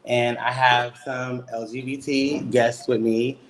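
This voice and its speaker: A man's voice: mid-range voice, flat delivery, slow pace. A man hosting a casual chat, talking in a laid-back way full of fillers. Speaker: host. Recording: roomy with faint noise.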